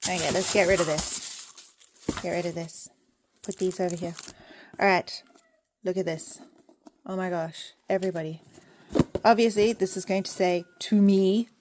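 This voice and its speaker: A young woman with an Australian accent, chatting excitedly while unboxing her small business order at home. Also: on the low side, moderate pace, long pauses, background noise. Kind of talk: casual unboxing vlog. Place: home indoors, rain and roosters outside.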